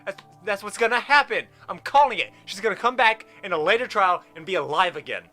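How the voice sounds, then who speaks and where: A man giving excited gameplay commentary, reading the game's dialogue aloud and reacting with gushing, animated guesses about the story. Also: high voice, fairly quick, soft background music. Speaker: let's play gamer.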